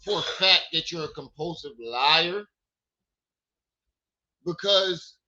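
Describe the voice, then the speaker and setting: A man's voice: on the high side, slow, pushed and bright, dull audio. A man hosting a livestream, ranting angrily and profanely, firing off questions to a woman he is arguing with. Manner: angry, profane, repeated questions. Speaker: livestream host. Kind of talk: heated livestream commentary.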